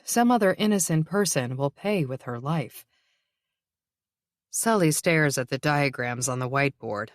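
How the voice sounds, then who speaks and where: A woman narrating a novel in a measured, even reading. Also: low-pitched, no echo, studio quality. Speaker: audiobook narrator. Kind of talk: scripted narration.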